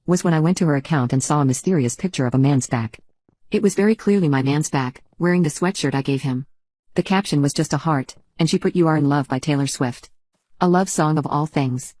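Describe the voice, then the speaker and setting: A woman narrates a first-person story in a steady reading voice. Her pitch sits low for a woman, and she keeps an even storytelling pace throughout.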